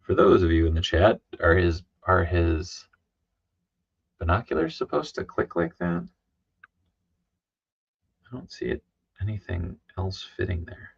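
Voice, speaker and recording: A man's voice: low-pitched, measured pace, vocal fry, long pauses, slightly rough, no echo. A tired man chatting casually on a livestream, rambling with many fillers and restarts and reading chat messages aloud. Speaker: comic artist streaming live. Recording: dry, dull lo-fi sound.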